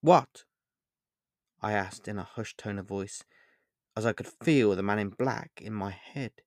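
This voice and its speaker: A man reading his own short story aloud in the first person, in a measured, earnest storytelling manner. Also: on the low side, fairly even intonation, darkish tone, dry recording, clean studio sound.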